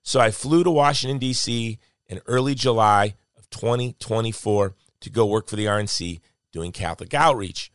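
Low-voiced middle-aged man with a New Jersey accent. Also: moderate pace, no room sound, studio quality. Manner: animated, acts out quoted voices. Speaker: show host. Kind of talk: casual storytelling monologue.

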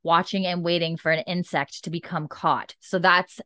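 A woman's voice: lowish voice, normal speed, no echo. A young adult woman in casual podcast chat, recapping a show and acting out the characters' lines as she goes. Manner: animated retelling, acts out the characters' lines. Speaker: podcast co-host recapping an episode.

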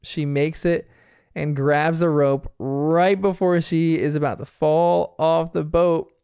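A man's voice: on the high side, steady tone, slow, darkish tone, clean tone, dry recording, clean studio sound. Amused man recapping a cartoon. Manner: amused, chatty, laughing often. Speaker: cartoon episode reviewer. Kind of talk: casual episode recap.

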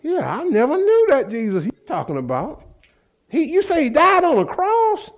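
A man preaching who acts out a frightened man loudly denying he ever knew someone, in a high, rapid, incredulous voice. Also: wildly swooping pitch, muffled recording, full character voice. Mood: scornful denial.

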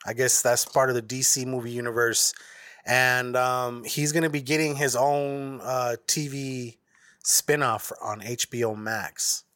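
A man's voice: medium pitch, fairly even intonation, unhurried, fairly bright tone, no echo. Brief: a male podcast host, loose and profane, recorded dry on a close mic. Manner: profane, slangy and rambling. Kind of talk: casual chat.

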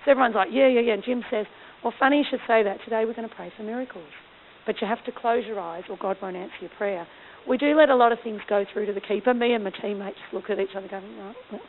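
A woman speaking at a mission conference, telling lively, self-deprecating stories. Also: mid-range voice, fast. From Australia. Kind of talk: storytelling talk. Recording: tinny phone-like lo-fi recording with faint hiss.

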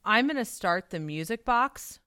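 Woman player in a tabletop game, smooth clear voice, lots of ums. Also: medium pitch, expressive, unhurried, pushed and bright. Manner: hesitant, with ums and restarts. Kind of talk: casual play.

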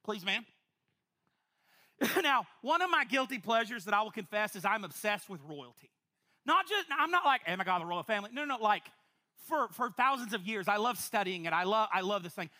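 A woman pastor, preaching a sermon to a congregation in an animated, playful way with quick asides. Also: medium pitch. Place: church before a congregation.

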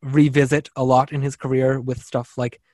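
A man's voice: mid-range voice, level tone, normal speed, darkish tone, dry recording, studio quality. A man hosting a podcast, chatting casually about films and affirming his guest. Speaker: podcast host. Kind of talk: casual film chat.

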